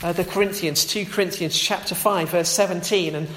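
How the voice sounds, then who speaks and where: High-voiced preacher in an echoey hall. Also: male voice, steady tone, brisk, fairly bright tone. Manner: conversational, with frequent fillers and restarts. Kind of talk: sermon.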